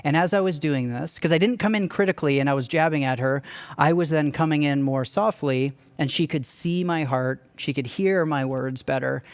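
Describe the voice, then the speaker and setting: A young man with a voice pitched a little above most men's. He speaks from a church stage as a staff speaker, telling a personal story in an earnest, candid and conversational way. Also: moderate pace, smooth.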